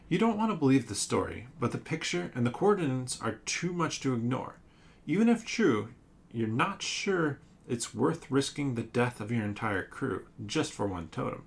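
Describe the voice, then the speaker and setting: A man plays through a board game alone, musing aloud about rules and tokens and mocking himself now and then. He reads the story passages in a middling voice, neither high nor low. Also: sing-song, moderate pace, gravelly. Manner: muses aloud, self-mocking asides. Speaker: board game player and host.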